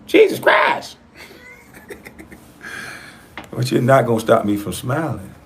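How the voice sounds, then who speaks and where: A middle-aged man from coastal Georgia rants straight to camera in a vlog, cussing freely and hammering his points with repetition. His voice sits at an ordinary middle pitch for a man, and his delivery is blunt and casual. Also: slow pace, a little hiss or hum. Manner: profane, forceful ranting with repetition. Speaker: entrepreneur vlogger.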